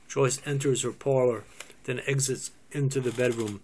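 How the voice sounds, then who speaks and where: A man reads a play's stage directions aloud. His delivery is measured and matter-of-fact, and his voice sits at an ordinary medium pitch. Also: steady tone, darkish tone, slight background noise. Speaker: narrator.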